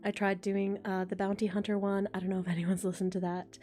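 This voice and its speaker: A woman's voice: mid-range voice, flat delivery, brisk, dark tone, soft background music. A young woman who makes voice recordings, chatting casually on a live stream, reading chat comments, thinking aloud and laughing often. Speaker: ASMR voice creator streaming live. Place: home, a train passing outside.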